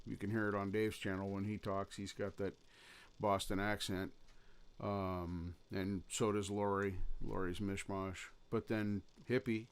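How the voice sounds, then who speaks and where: Low-voiced man rambling in casual chat. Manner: rambling, halting, with many fillers and restarts. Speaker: live streamer chatting with viewers. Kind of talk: casual late-night chat. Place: his home in the lower Pacific Northwest. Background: his own guitar playing in some parts.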